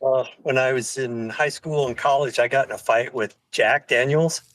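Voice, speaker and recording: Man, caller, mid pitch, laid-back, um-filled talk. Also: steady tone, normal speed, a bit bright, poor audio. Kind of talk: casual call-in chat.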